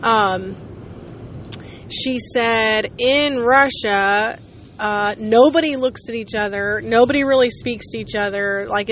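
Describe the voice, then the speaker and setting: A woman vlogger in her late thirties makes casual, rambling conversation with her viewers and jokes at her own expense. Her mid-range voice is a bit bright, with a little hiss or hum in the recording.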